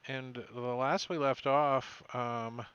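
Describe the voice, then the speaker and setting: A man running a tabletop game as game master, recapping the session in a halting way with many fillers and self-corrections. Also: medium pitch, fairly even intonation, fairly bright tone, clear, resonant tone, lo-fi sound.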